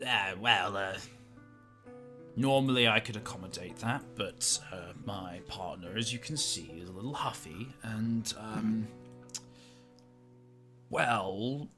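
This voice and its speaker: A very old hedgehog mutters and hedges, touchy and defensive about his household, as a man plays him. The voice is bright and clear, dropping low and soft when he gets sulky. Faint music runs underneath. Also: takes it slowly, pauses often.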